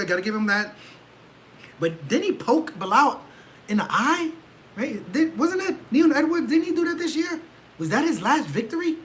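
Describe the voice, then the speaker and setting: A man hosting a casual livestream, talking in an animated, rhetorical way and often asking "right?" for agreement. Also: very high voice, poor audio. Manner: gets loud and excitable. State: leg cramp. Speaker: livestream host.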